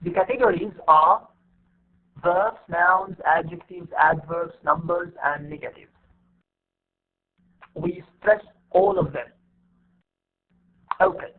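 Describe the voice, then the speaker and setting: High-voiced teacher on a tinny line. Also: male voice, takes it slowly, long pauses. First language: Arabic. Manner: repetitive, explains step by step with many fillers. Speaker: English teacher. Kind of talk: online class lecture.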